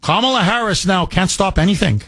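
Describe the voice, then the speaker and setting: A man's voice: sits high, fairly quick, a bit bright, dry recording. A man hosting a call-in political talk radio show, talking emphatically with repeated phrases and rambling asides.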